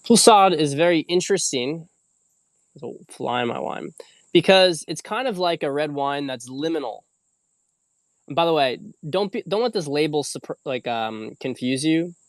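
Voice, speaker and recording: A man's voice: fairly high pitch, lively intonation, normal speed, no echo. A man hosting a casual livestream, rambling loosely with frequent fillers and the odd swear word. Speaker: host.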